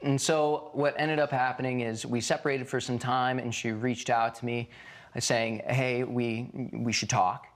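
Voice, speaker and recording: Guy suing in a tv courtroom, middle pitch, tells it slow and halting with lots of uhs. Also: little pitch movement. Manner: halting storytelling with many fillers. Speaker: plaintiff in a court case. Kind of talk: courtroom testimony. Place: courtroom set.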